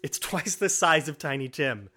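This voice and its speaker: An elderly miser, suddenly overjoyed and generous, voiced by a man reading aloud. His voice rides high and leaps about on the big lines, and the delivery bursts with exclamations. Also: animated, normal speed, bright, forceful tone, soft background music, exaggerated voice. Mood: gleeful. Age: older. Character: elderly miser turned giddy, joyful and generous. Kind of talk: storybook reading.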